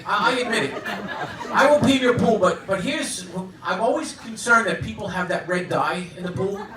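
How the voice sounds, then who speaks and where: A man in his fifties doing a stand-up comedy set on a club stage, with a halting, deadpan delivery full of fillers. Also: sits high, noisy background. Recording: roomy club sound, audience recording from a distance.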